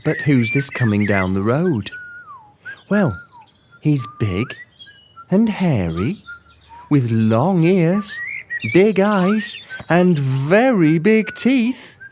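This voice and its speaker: A woman storyteller for young children, speaking slowly in a slightly low voice. Her pitch rises and falls with lots of expression. She keeps turning to her listeners with questions. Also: a little hiss or hum. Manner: gentle, expressive, talks to the listeners.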